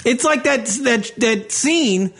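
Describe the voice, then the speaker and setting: A male radio show host ranting in a loud, profane way and repeating himself as he goes. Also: very high-pitched, lively intonation, takes it slowly. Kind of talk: brash profane radio rant.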